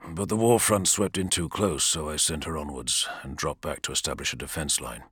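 A man reading an audiobook, voicing a stern male warrior captain who speaks low, quiet and clipped. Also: moderate pace, husky, dry recording, clean studio sound, heavily acted. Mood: grim. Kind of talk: audiobook character voice.

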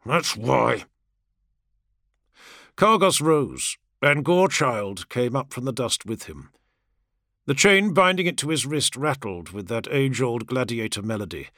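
A man reading a grim war audiobook in dramatic, expressive scripted narration. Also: medium pitch, moderate pace, no echo, studio quality.

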